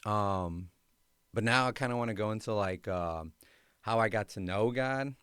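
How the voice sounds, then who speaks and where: A young man talks casually through his own story on a podcast, loose and slangy with plenty of ums and likes. His voice sits a bit low and comes across smooth and clean. The sound is dry and close, with no room echo. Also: moderate pace, a bit bright. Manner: laid-back, slangy, many fillers. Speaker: podcast host.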